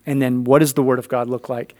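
Speaking fast at a medium pitch, a thirty-something man animatedly recounts a family story in a conversation about faith, performing the dialogue in character voices.

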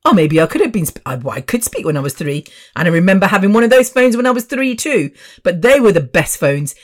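A woman's voice: medium pitch, very animated, fast. A woman in her fifties hosting her own podcast, chatty and rambling with asides. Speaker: podcast host. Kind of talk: casual solo podcast chat.

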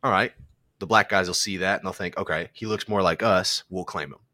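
A man's voice: low-pitched, steady tone, fairly quick, sharp tone, dry recording, clean studio sound. A man co-hosting a podcast, talking in a teasing, sarcastic way. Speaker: podcast co-host. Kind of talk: casual banter.

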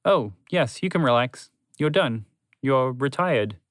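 A man voicing a gentle, kind male moose in a storybook reading. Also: mid-range voice, expressive, a little slow, dry recording, clean studio sound, close to an everyday voice. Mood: reassuring. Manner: reassuring, softly wondering.

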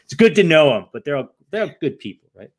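A man with a slightly high voice talks fast as he casually spins a long story. He's animated, acts out other people's voices, and leans on fillers and frequent "right?" tags.

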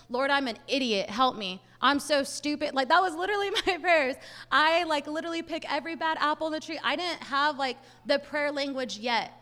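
Speaking from a church sanctuary, a young US woman of Hispanic heritage shares her testimony in a sermon, casual and full of "like" fillers as she tells her story. Her high voice has a slightly bright quality, and the audio carries a long hall reverb.

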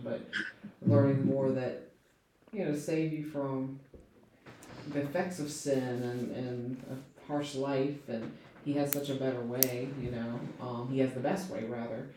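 A man's voice: mid-range voice, flat delivery, moderate pace. Chatty man in a very echoey room. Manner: chatty, many fillers, acts out quotes. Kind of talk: Bible study discussion. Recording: very echoey room with faint noise.

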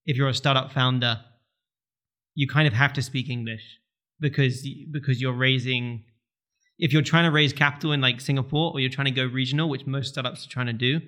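Bright-voiced man explaining business. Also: medium pitch, fairly even intonation, a little fast. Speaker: podcast guest. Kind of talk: casual interview chat.

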